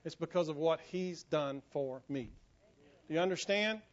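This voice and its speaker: Folksy pastor preaching, higher voice. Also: male voice, moderate pace. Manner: folksy, self-joking, drops to a hushed tone for stories. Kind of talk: sermon. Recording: muffled lo-fi sermon recording.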